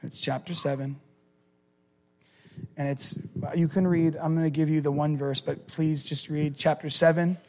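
A middle-aged man preaching a sermon as a pastor, animated and acting out the people he talks about. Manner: animated, acts out people in quick high voices.

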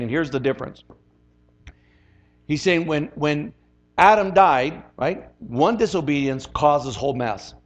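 A man's voice: on the high side, a bit bright, lo-fi sound. Conversational man preaching a sermon. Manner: conversational, emphatic, repeats phrases. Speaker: pastor.

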